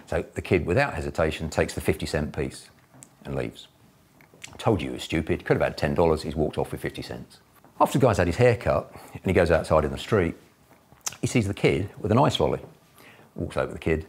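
Man, business mentor, deep husky voice, lively, chatty advice. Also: fast. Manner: chatty, enthusiastic storyteller. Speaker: property investor and business mentor. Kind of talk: casual advice to camera.

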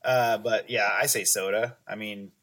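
A man from East Texas, a podcast guest at home, talking in a relaxed, rambling, casual way. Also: on the low side, a little slow. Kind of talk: casual chat.

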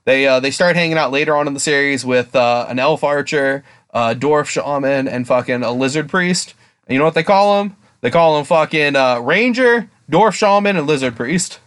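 A man co-hosting a casual podcast, excitable, swearing often and acting out quotes in a raised voice. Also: normal speed, clean tone, no room sound, studio quality. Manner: excitable, swears a lot, acts out quotes in a higher voice. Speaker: podcast co-host.

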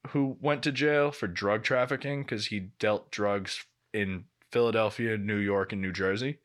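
Young guy podcast cohost, rambling animated work stories, swears a lot, acts out what people said. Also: on the low side, measured pace. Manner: animated storyteller, acts out quotes, swears freely. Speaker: podcast co-host. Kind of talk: casual chat.

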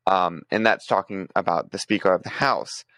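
Male podcast co-host, low dry voice, casual and rambling delivery. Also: fairly even intonation, normal speed, bright, forceful tone, dry recording. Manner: thinks aloud, frequent restarts and fillers. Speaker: podcast co-host presenting news.

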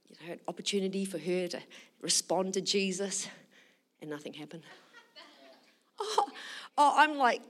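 A woman pastor preaching a sermon, telling a story with lively acted quotes and leading a fervent prayer. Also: medium pitch.

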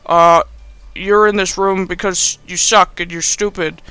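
A taunting male captor speaking from a tape recording, cold and mocking, as a man puts him on. His tone stays bright and crisp. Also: sits high, steady tone, a little slow, dry recording, low-quality recording.

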